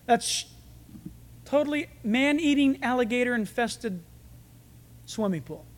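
A man's voice: extremely high pitch, animated, measured pace. A male pastor voicing a proud, boastful billionaire in a sermon anecdote. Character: proud boastful rich old man.

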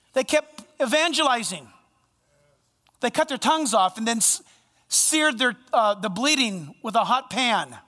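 A male pastor preaching a sermon, animated and playful, swinging between loud bursts and hushed asides. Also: very high voice, in a large hall. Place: church sanctuary.

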